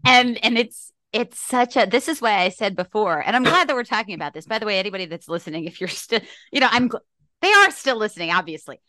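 A woman hosting a podcast in casual conversation, animated and emphatic. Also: mid-range voice, fast talker, no room sound, studio quality. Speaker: podcast host.

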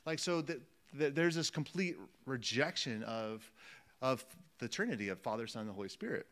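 A man's voice: mid-range voice, expressive, normal speed, fairly bright tone. A man preaching a sermon, emphatic and repeating phrases for weight, calling his listeners friends.

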